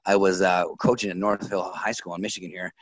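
Casting note: lively man, coach type, lower voice, rapid delivery, dry close sound. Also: dry recording, low-quality recording. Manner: energetic, animated, laughs often. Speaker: wrestling coach. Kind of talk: casual interview storytelling.

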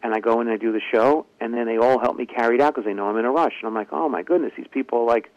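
A man with a voice of medium pitch recounts a long anecdote in an interview, slipping into the voices of people he quotes. The sound is muffled and dry, with no room around it. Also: rapid-fire, no room sound. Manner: lively anecdotal telling, acts out quoted dialogue. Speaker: guest ventriloquist and comedian. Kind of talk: animated storytelling in an interview.

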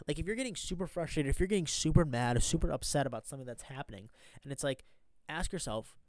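A man's voice: a little high, dry recording. Earnest man giving a rambling pep talk. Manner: earnest, rambling, keeps asking "right?". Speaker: vlogger sharing a mindset talk. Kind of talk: casual motivational monologue. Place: stranded at an airport after a cancelled flight.

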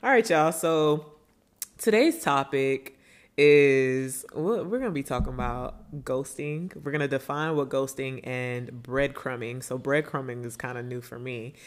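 A woman's voice: a bass voice, unhurried. A woman co-hosting a podcast, laid-back and chatty, laughing easily. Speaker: podcast co-host. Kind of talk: casual chat.

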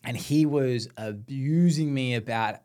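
A man's voice: mid-range voice, measured pace. A young Australian man hosting a podcast, chatting casually, telling stories and laughing often. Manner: laughs often, animated storytelling. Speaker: podcast host. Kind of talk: casual chat.

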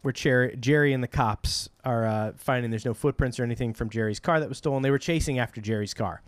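A man's voice: medium pitch, fast talker, dry recording. A man hosting a podcast who reads passages aloud and cracks dry jokes between them, chuckling often. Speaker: podcast host. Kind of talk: casual comedic book reading and discussion.

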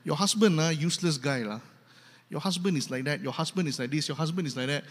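A man voicing a spiteful auntie who grumbles low and steadily about a husband, with a Malaysian English accent. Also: fast talker, in a large hall. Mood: grumbling.

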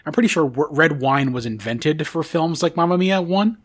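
A man's voice: a little high, lively intonation, moderate pace. Chatty man rambling with many fillers. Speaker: podcast host. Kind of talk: casual chat.

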